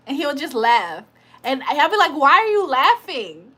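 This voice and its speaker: A woman's voice: high-pitched, big pitch swings, normal speed, sharp tone. A woman hosting a casual livestream, reading viewer comments aloud, teasing them and laughing often. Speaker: livestream host.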